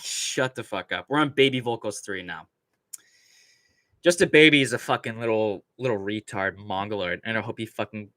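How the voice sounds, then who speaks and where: A young adult man hosts a casual livestream, reading chat while ranting and rambling with constant swearing and frequent laughter. His mid-range voice has a sharp tone, and the recording is dry.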